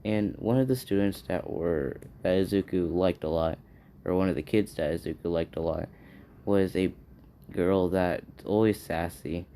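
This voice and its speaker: A man's voice: low-pitched, unhurried, warm tone, a little hiss or hum. A man improvising a fan story aloud, rambling and hesitant as he thinks it up.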